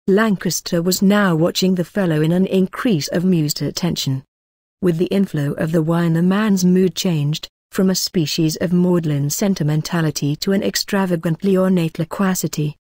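A woman narrates a classic novel in a steady, measured reading. Her voice sits on the low side. The recording is close and dry. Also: no echo. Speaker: audiobook narrator. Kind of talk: scripted narration.

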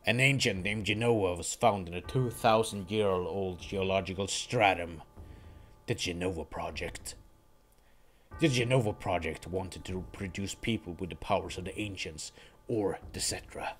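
A man voicing a cold, calm, menacing male villain, speaking slowly and low while reading game dialogue aloud. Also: faint music behind. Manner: slow, low, measured delivery.

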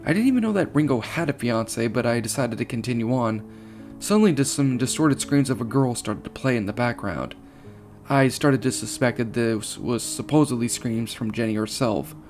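A man reading a horror story aloud, steady, with small slips and restarts. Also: medium pitch, moderate pace. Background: faint guitar music.

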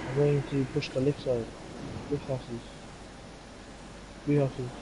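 Male gamer, slightly higher voice, jokey tactical calls, loud game noise. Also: flat delivery, slow. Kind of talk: casual gaming voice chat.

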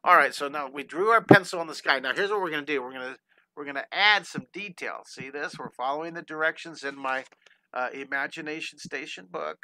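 Male drawing teacher, bright and forceful voice, fairly high, upbeat and encouraging, dry close sound. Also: a little fast, no room sound, rough recording. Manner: breaks into playful chants and sound effects. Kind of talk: live online drawing lesson.

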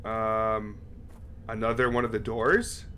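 A man's voice: lowish voice, level tone, slow pace, bright, forceful tone, slight background noise. A man live-streaming a horror game, talking casually and swearing as he chats with his viewers. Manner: casual and profane, chatting with viewers.

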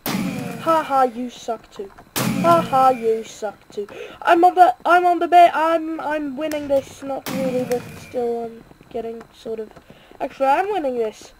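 A woman with a high voice gives live commentary as she plays a game. She is excitable and self-mocking, and she swears and cheers in quick bursts. Clear background noise runs under her home mic. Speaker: gaming video creator.

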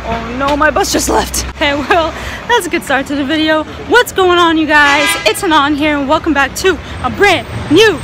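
A woman vlogging outdoors on a busy city street while filming herself, chatting casually and playfully with loud exclamations. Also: sits high, lively intonation, normal speed, music in the background, crowd noise. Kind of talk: casual vlog. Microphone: handheld camera filming herself. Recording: loud street traffic noise. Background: traffic and honking.

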